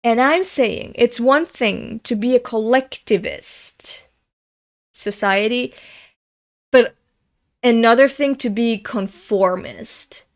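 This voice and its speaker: Young euro woman streaming, reading manga, slow and sweary, pissed off. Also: on the high side. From Europe. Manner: blunt, profane ranting. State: angry. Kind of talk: live-stream reading with commentary.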